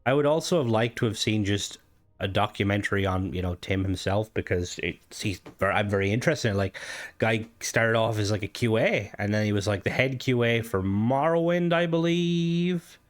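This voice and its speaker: A young man with a somewhat low voice talks through gaming news in a relaxed, unscripted way. He rambles and meanders, pausing to hesitate and restart his sentences as he thinks aloud like a streamer chatting to viewers. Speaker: gaming content creator and streamer. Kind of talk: casual gaming news commentary.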